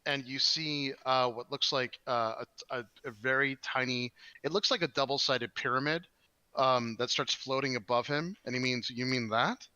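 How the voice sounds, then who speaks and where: A man narrates a tabletop game as game master, rambling with many fillers and restarts. His voice is bright and forward. The dry, dull mic gives it a lo-fi sound. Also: medium pitch, fairly even intonation, normal speed, smooth, dry recording.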